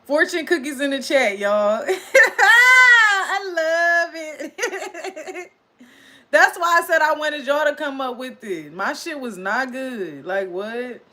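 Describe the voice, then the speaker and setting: A woman hosting a casual livestream recap, chatting loudly and excitedly with her chat and reading their comments aloud. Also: high voice, moderate pace, few pauses.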